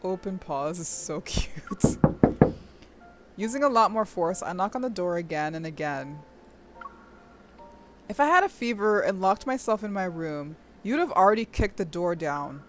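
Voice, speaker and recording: Excitable young woman streamer reading a game. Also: on the low side, measured pace, soft background music. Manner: excitable, gushing, squeals and laughs. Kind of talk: reading a game aloud with live commentary.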